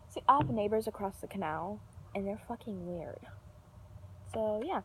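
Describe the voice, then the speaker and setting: A woman's voice: mid-range voice, moderate pace, noisy background. A young woman telling a casual storytime vlog, rambling with fillers and restarts, swearing freely. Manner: animated, yells when reenacting an argument.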